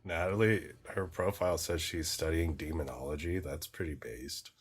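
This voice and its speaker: Deep-voiced male guest, laid-back and slangy, plainspoken. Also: moderate pace, breathy edge. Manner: relaxed, slangy, matter-of-fact. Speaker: guest on a livestream. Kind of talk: casual livestream chat.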